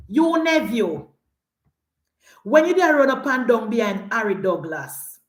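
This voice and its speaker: A woman with a Jamaican accent, ranting and scolding on a live political stream, often shouting and repeating herself. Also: on the high side, reverberant. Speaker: political commentator.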